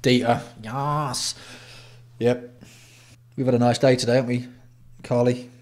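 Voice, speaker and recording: A man's voice: medium pitch, level tone, measured pace, a little mellow. A man from England hosting a casual livestream, greeting viewers by name with blunt, sweary banter. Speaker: livestream host.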